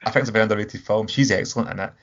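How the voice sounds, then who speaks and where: A man's voice: lowish voice, rapid-fire. A man co-hosting a podcast, chatting enthusiastically about a film and acting out his own reactions. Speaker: podcast co-host. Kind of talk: casual film review chat. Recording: dull lo-fi sound.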